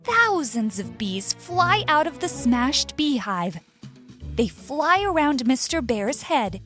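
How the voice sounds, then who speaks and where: A woman reads a children's story for learners, slow and clear, with deliberate pacing. Her high voice moves up and down expressively. The recording is dry and close, with soft music underneath. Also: big pitch swings.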